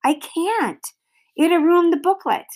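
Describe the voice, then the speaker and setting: A woman voicing a bossy, proud fourth-grade girl who talks in a shrill, indignant way. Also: expressive, slow, darkish tone, heavily acted. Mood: defiant.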